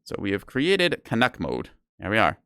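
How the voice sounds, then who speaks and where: Male streamer, lower voice, animated and rambling, self-deprecating banter with chat, dry sound. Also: normal speed, creaky, clean tone, no room sound. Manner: rambling, playful and self-mocking, talks to chat. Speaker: game streamer. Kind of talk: casual live gameplay commentary.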